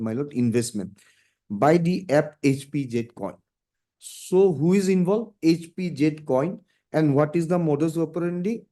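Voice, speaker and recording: A man with a slightly high, mellow voice argues a case before a judge, reading documents aloud. His manner is formal and deferential, as suits courtroom argument.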